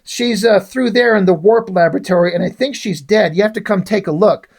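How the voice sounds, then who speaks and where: A man's voice: high voice, a little fast, gravelly. A man voicing an anxious, self-pitying woman scientist from a comic, in a flustered, stammering way.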